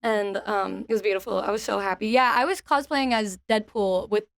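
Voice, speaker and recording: A young woman co-hosting a podcast, telling a story in a lively way and acting out quoted lines with squeaky bursts. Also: brisk, dry recording, clean studio sound. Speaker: podcast co-host. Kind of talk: casual chat.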